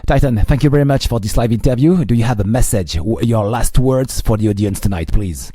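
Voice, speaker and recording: A male radio host with a French accent who hesitates and fills pauses, translating a live interview into French. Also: medium pitch, dark tone, slightly rough, no room sound, clean studio sound. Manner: hesitant, many fillers, switches between French and English.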